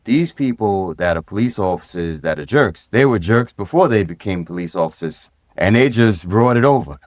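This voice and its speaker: A middle-aged man from Brooklyn, a former police sergeant guesting on a podcast, telling stories from his career in an easygoing, direct way and getting animated when he acts out conversations. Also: on the low side, normal speed, no room sound, studio quality. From Brooklyn, New York. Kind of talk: casual storytelling in a podcast interview.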